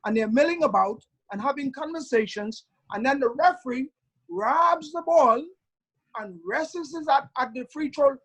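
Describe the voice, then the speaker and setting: A middle-aged man teaching referees over a video call in an online training lecture, emphatic and drawing out key words slowly. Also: very high voice, fairly bright tone, poor audio. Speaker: referee instructor.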